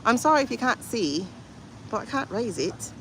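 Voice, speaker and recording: A woman's voice: fairly high pitch, very animated, moderate pace, slight background noise. A woman hosting a casual livestream, chatting in a rambling, playful way with lots of asides. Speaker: livestream host.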